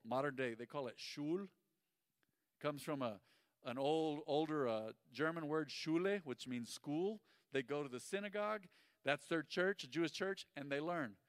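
A pastor delivers a lively sermon, his fairly high voice swinging from loud bursts to near-whispers. The mic sits close and dry, yet a long hall reverb trails after his words in the sanctuary. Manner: animated storytelling preacher, swings from loud to hushed.

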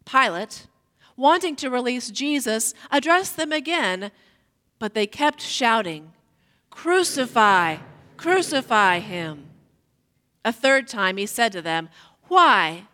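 Woman scripture reader, measured and deliberate delivery, bright tone, long church-hall reverb. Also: fairly high pitch, expressive. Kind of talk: scripture reading.

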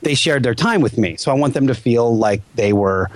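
A man's voice: medium pitch, moderate pace, dry recording. A man in his forties hosting a podcast, telling a story in casual chat and acting out the voices of people in it. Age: 40s. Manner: animated, acts out quoted voices. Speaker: podcast host.

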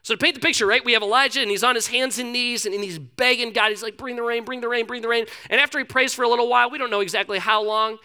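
A man's voice: extremely high pitch, racing, hardly any pauses, sharp tone, clean tone. A man preaching a sermon in a conversational, storytelling way. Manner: conversational storytelling, acts out characters.

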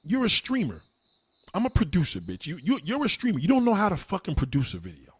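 A man's voice: high-pitched, huge pitch swings, fast talker, husky, no echo, studio quality. A man doing a heated, mocking, heavily profane rant on his live stream. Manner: heated, mocking, swears constantly.

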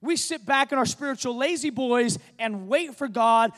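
A man with a very high voice preaches a sermon. His delivery is conversational but rises to emphatic peaks. The sound carries a long reverb tail, as in a big hall. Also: moderate pace, few pauses, fairly bright tone. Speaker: pastor.

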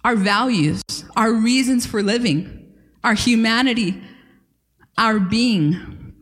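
Woman pastor, emphatic repetitive sermon delivery, higher voice, reverberant church hall. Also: takes it slowly. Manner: earnest, emphatic preaching with repeated phrases. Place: church service.

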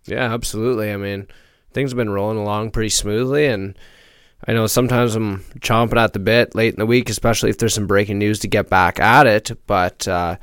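A man's voice: on the low side, fairly even intonation, brisk, a bit bright, clear, resonant tone, no echo, clean studio sound. A man co-hosting a casual hockey podcast, laid-back and jokey, laughing often. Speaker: podcast co-host.

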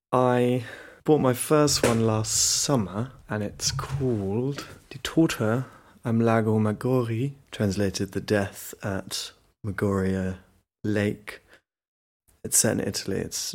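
A man hosting a book podcast, talking in a chatty, enthusiastic, rambling way with frequent restarts. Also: on the low side. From Britain. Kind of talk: casual monologue.

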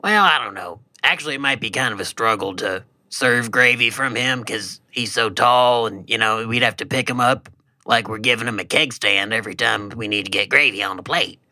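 A man co-hosting a podcast, pitching absurd ideas in a deadpan, matter-of-fact way. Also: moderate pace, no echo. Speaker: podcast co-host. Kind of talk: casual comedic chat.

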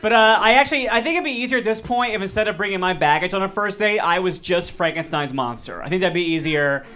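A woman's voice: mid-range voice, fast, a bit bright. A woman doing a stand-up comedy set on a club stage, wry and conversational, into a handheld mic.

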